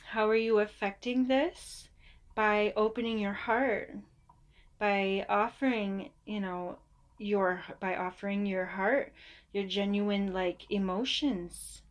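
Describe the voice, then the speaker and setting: A woman's voice: medium pitch, fairly even intonation, slow. A woman giving a casual, chatty tarot reading. She reassures her listeners and now and then mimics them in a mock voice. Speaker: tarot reader.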